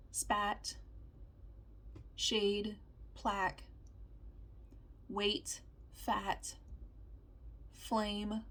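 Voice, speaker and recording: A woman leads a vowel lesson, reading word lists aloud one at a time. She speaks very slowly with long pauses, and her voice has a gravelly fry. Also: mid-range voice, a bit bright. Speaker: teacher. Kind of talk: slow word-by-word vowel practice.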